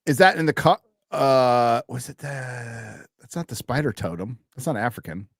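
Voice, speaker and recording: A man's voice: medium pitch, expressive, moderate pace, creaky, dry recording. Chatty co-host guy, voice bounces all over, dry close mic. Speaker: podcast co-host. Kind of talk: casual chat.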